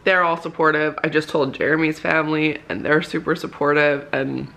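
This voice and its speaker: A woman's voice: sits low, little pitch movement, normal speed, vocal fry, a bit bright. A young woman vlogging casually from her home office, chatty and emotional, with lots of "like" fillers. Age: young adult. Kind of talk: casual vlog chat. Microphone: handheld camera.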